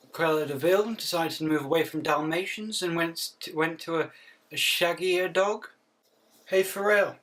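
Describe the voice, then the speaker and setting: A man, delivering deadpan quips about outfits with sudden mock outbursts as a comedy vlogger. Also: a little high, measured pace, distant mic. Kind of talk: jokey outfit commentary.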